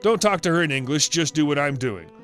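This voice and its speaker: A man's voice: a little high, lively intonation, brisk, fairly bright tone, soft background music. A man voicing a young husband who mockingly teases a rude stranger, sly and playful.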